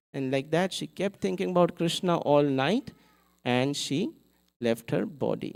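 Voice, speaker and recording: A man gives a storytelling sermon on a live mic in a temple hall, his voice sitting a little high. He is animated and acts out each character. He often turns to the audience with questions. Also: a little slow, gravelly. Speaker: temple speaker. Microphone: live event mic.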